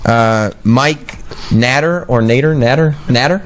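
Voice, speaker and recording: A man's voice: mid-range voice, fairly quick, slight background noise. A man, a radio show host asking easygoing, jokey questions in a casual interview.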